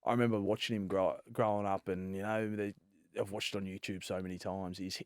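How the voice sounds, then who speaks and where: A man's voice: low-pitched, level tone, brisk, clean tone, dry recording, clean studio sound. A man in his late thirties with an Australian accent, a guest telling stories in a loose, rambling way, full of fillers and restarts. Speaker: guest, professional fast bowler. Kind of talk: casual storytelling chat.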